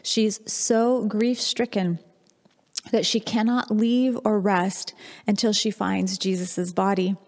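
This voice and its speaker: Woman, pastor, sermon, candid reflective storytelling, mid pitch, long echoing hall reverb. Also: fairly even intonation, slow pace, a little mellow.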